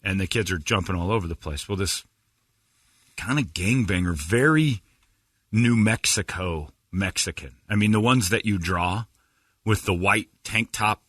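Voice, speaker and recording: A man's voice: lowish voice, normal speed, a bit bright, no echo, clean studio sound. A man hosting a podcast, telling a comic story animatedly, laughing and slipping into voices. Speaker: podcast host. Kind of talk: comedic storytelling.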